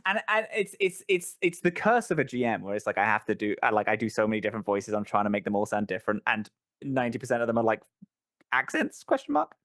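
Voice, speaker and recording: A man's voice: lowish voice, big pitch swings, quick pace, fairly bright tone, dry recording. Podcast host, man with a neutral London accent, rambly and a bit sweary, dry close sound. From England. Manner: rambling, swears casually, laughs often. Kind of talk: casual chat.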